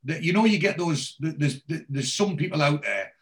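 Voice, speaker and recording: A man's voice: a little high, lively intonation, moderate pace. Sweary Geordie man rambling. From west end of Newcastle. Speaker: podcast co-host. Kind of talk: casual chat, retelling a TV scene.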